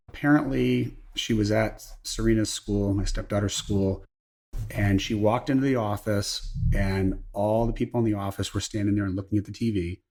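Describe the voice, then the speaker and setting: A middle-aged man with a low, gravelly voice and a husky edge spins a story for an interviewer. He is animated and slips into the voices of the people in his tale. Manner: animated anecdote-telling, acting out quoted voices. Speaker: interview guest. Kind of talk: casual storytelling.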